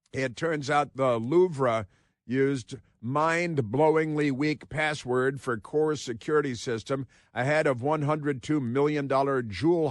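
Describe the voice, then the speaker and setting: On a talk radio show, a man with a medium-pitched voice reads headlines aloud and rambles sardonically between them. The recording is dry and of studio quality.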